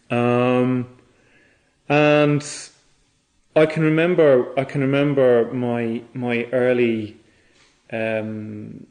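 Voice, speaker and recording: A man giving a Buddhist dharma talk, reflective and halting, often restarting his phrases. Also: mid-range voice, a little mellow. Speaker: Buddhist teacher.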